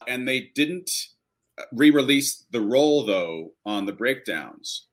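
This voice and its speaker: A man's voice: mid-range voice, a little slow. A man telling a casual, wry anecdote about an audition. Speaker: actor guest on a panel.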